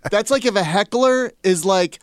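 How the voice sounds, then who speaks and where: A man's voice: high-pitched, normal speed, clean tone, dry recording, clean studio sound. A man co-hosting a comedy podcast, joking and chuckling as he talks. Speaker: podcast co-host. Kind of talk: casual comedic chat.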